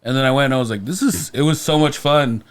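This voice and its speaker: A man's voice: medium pitch, fast talker. Man telling a rambling comic story. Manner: rambling, self-mocking anecdotes. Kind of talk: casual comedic storytelling.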